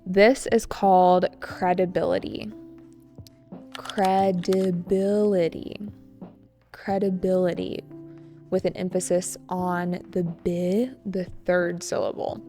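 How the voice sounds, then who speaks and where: A woman narrating a scripted English lesson, explaining words and where their stress falls in a slow, clear way. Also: medium pitch. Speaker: English teacher. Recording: soft music underneath.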